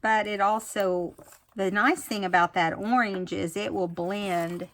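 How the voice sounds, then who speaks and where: A woman's voice: medium pitch, fairly even intonation, a little slow, a bit bright, a little hiss or hum. A woman talking casually through a craft tutorial, thinking aloud as she works. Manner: chatty, thinks aloud while working. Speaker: craft vlogger.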